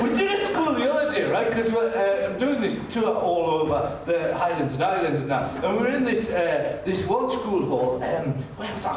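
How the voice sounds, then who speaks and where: A man's voice: sits high, noisy background. A man doing stand-up, teasing the crowd and rambling with plenty of swearing. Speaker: stand-up comedian. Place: theatre stage. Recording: echoey theatre, distant, loud crowd.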